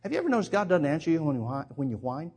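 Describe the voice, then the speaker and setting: Emphatic male preacher, higher voice. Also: sing-song, racing, husky. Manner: emphatic, rhetorical questions, swings between loud and hushed. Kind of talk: sermon.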